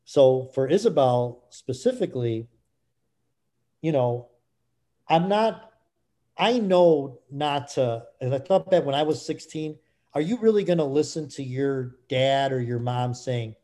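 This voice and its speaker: A middle-aged man speaking candidly as an interview guest, halting with frequent restarts. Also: mid-range voice, lively intonation, mellow. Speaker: guest, author.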